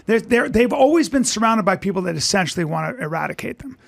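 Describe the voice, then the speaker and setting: A comedian guest on a podcast, a man telling rambling, animated stories in casual chat. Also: sits high, fast talker, creaky.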